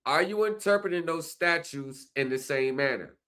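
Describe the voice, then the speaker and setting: A man's voice: on the high side, lively intonation, normal speed, pushed and bright. A man hosting a livestream, lecturing his viewers with repeated rhetorical phrases. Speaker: streaming commentary host. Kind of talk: livestream commentary.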